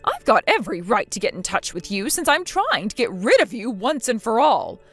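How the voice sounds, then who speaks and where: Computer woman's voice as a scornful older mother-in-law, bossy, insulting, lively slightly high pitch. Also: fairly quick, soft background music, heavily acted. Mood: demanding. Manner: scolding, contemptuous. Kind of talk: text-to-speech chat story.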